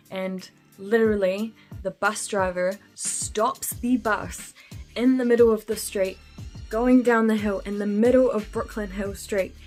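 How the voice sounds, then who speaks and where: A woman telling a spooky story in casual chat while doing her makeup, laughing often and using lots of fillers. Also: mid-range voice. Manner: chatty, laughs often, full of fillers and slang. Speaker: beauty vlogger.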